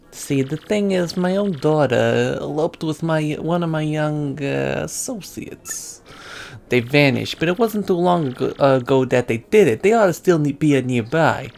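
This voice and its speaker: A woman voicing a gruff, menacing middle-aged male mob boss in a video game, with slangy tough-guy talk and drawling pauses. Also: deep voice, darkish tone, voice pushed up, heavily acted.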